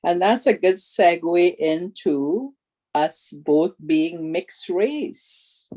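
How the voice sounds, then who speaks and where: A woman's voice: lowish voice, expressive, extremely slow, warm tone, low-quality recording. A woman activist speaking earnestly and emphatically in a casual conversation, appealing directly to listeners.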